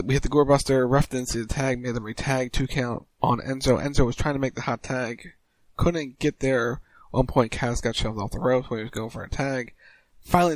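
A man co-hosting a casual podcast, recapping wrestling moves in quick play-by-play style. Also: dry recording, rough recording. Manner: rapid recap, mimics crowd chants in a higher voice.

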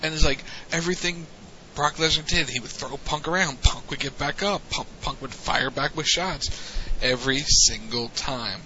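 A man co-hosting a show, calmly recounting events in casual chat. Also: a little high. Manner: unhurried storyteller, frequent "mm-hmm". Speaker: podcast co-host. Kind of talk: casual wrestling recap chat. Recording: dull lo-fi audio with faint noise.

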